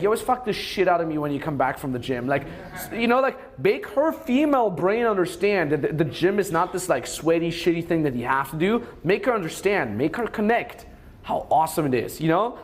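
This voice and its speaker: A young man giving crude dating advice in a rambling way, swearing a lot and acting out quoted lines. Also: sits high. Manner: acts out quoted lines in a raised voice. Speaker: dating coach. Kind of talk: casual advice talk.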